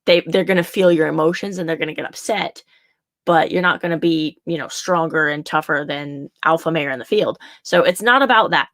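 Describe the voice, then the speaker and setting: Low-voiced young woman coach chatting casually, says stuff twice to drive it home, dry close sound. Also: fairly quick, fairly bright tone, no room sound. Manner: chatty, repeats points for emphasis. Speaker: horse riding coach. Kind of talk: casual teaching talk.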